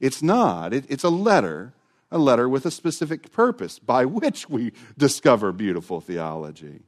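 A man preaching a sermon as pastor, emphatic and animated, often dropping his voice low and soft at the ends of phrases. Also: normal speed.

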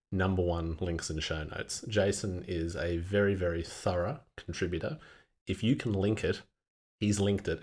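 A man, co-hosting a podcast in a playful, mock-formal way. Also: deep voice. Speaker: podcast co-host. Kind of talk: casual podcast banter.

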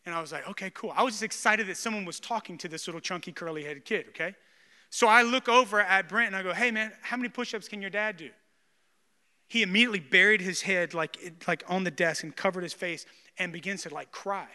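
Male pastor, high bright voice, emphatic sermon delivery in a reverberant church hall. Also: quick pace. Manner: animated storyteller, self-deprecating humor, emphatic preaching. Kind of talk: sermon with personal storytelling.

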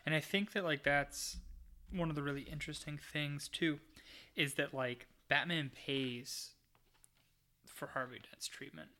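A man's voice: fairly high pitch, a little slow, sharp tone. A man co-hosting a podcast, chatting enthusiastically with lots of fillers. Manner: enthusiastic, heavy use of "like". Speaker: podcast co-host. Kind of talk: casual chat.

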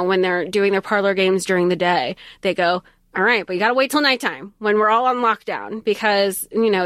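A woman co-hosting a podcast, talking casually about a book, acting out quotes in an animated way with frequent laughs. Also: medium pitch, no room sound, studio quality. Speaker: podcast co-host.

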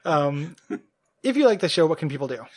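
Casual podcast co-host, male, fast and rambly, a touch high-pitched. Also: very animated, breathy edge. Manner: rambling, self-deprecating, lots of fillers. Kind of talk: casual chat.

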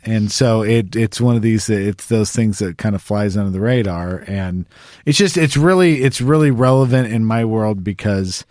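A man's voice: lowish voice, normal speed, a little mellow, dry recording, studio quality. A man co-hosting a podcast in casual chat, loose and profane, often restarting his sentences. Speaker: podcast co-host.

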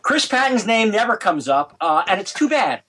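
A man telling golf history anecdotes on a podcast, halting with many fillers and restarts. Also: sits high, very animated, fairly bright tone, breathy edge, poor audio. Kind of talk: podcast conversation, storytelling.

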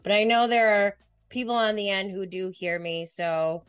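A young adult woman hosting a solo podcast, talking casually into a microphone, excitable and emotional, rambling with fillers. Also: medium pitch, normal speed, smooth, no room sound. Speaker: podcast host.

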